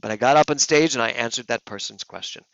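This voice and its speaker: A man giving a talk as a minister, telling a personal story in an earnest, emotional way. His voice moves from hushed to loud. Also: mid-range voice, fast talker, creaky, no echo, highs cut off. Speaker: guest speaker, minister.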